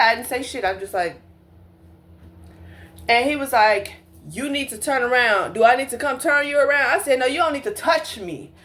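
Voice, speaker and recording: A young woman telling a casual storytime monologue, animated and profane, full of slang and asides to her viewers. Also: on the high side.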